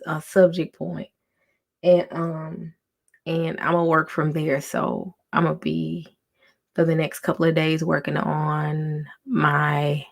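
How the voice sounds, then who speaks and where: A woman hosting a casual livestream from home, talking softly with many ums and restarts. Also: low-pitched, creaky. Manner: soft, half-whispered talk with many ums and restarts. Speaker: livestream host.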